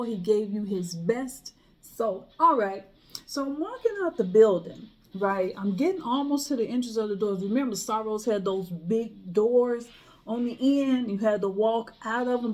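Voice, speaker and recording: A woman's voice: medium pitch, darkish tone. A middle-aged woman telling a personal story in a chatty way, often checking in with "right?".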